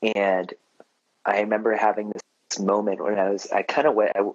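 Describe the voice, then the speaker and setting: Male host, deep and husky, easygoing storyteller, close dry mic with a muffled, lo-fi tone. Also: moderate pace, no echo. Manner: relaxed storytelling with many fillers. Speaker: podcast host. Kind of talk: casual interview chat.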